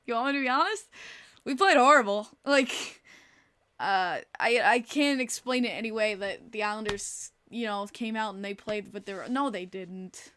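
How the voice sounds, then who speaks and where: A woman's voice: on the high side, measured pace, fairly bright tone. A woman hosting a casual live-stream podcast, talking bluntly and swearing freely while reading chat aloud. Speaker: podcast host.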